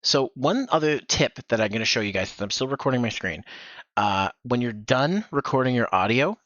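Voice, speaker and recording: A man's voice: mid-range voice, expressive, fairly quick, fairly bright tone, no room sound. A man hosting a voice acting workshop stream, encouraging as he directs and demonstrates lines, speaking into a gaming headset mic. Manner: encouraging, directs with demo readings. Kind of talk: instructive streaming chat. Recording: dull, dry headset audio.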